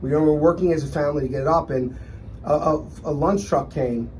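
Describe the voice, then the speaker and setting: A middle-aged man tells stories with animation. His voice sits a little high for a man, and he talks casually as a guest, acting out the people in his stories. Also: a little fast, darkish tone, slight background noise. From Philadelphia. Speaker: restaurant owner, guest. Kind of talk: storytelling in a casual interview.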